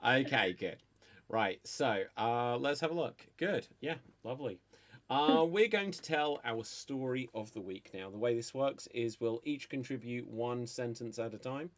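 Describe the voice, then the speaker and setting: A man hosting an improv comedy show who sets up the games and steps in to call for new choices. He talks at an unhurried pace and laughs easily between calls. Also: medium pitch, lively intonation. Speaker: improv game host. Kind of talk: host calling changes in an improv game.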